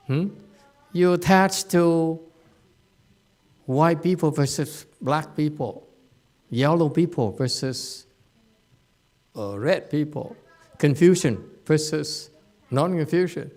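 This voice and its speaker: A man's voice: a little high, slow pace, pauses often, darkish tone. A man teaching a dharma lecture to students at a meditation center, plain-spoken and teasing, with many fillers and restarts. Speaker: Buddhist teacher.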